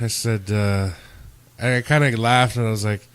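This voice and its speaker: A man's voice: mid-range voice, steady tone, moderate pace, fairly bright tone, clear, resonant tone. A young man hosting a podcast, rambling through a story in casual chat and acting out quoted exchanges. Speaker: podcast host.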